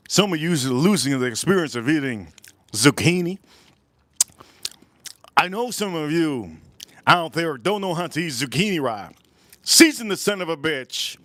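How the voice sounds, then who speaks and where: A man hosting a casual outdoor barbecue livestream, repeating himself and giving loud, excited shout-outs to his viewers. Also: a little high, no echo. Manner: repetitive, hyped shout-outs to chat. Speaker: livestream host. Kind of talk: casual live-stream chat.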